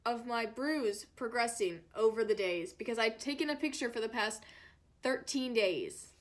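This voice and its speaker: A young woman vlogger recounts her story in a chatty, dramatic style, peppering it with fillers. Her voice sits a little high, and she often drops into a lower, heavier tone for effect. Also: moderate pace. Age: young adult. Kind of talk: storytime vlog.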